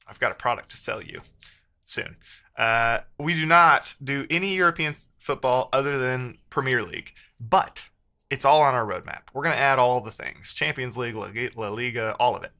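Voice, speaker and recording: A man's voice: medium pitch, moderate pace, bright, forceful tone. A man streaming live as a programmer, thinking aloud while he codes and chatting with viewers, muttering to himself with playful asides.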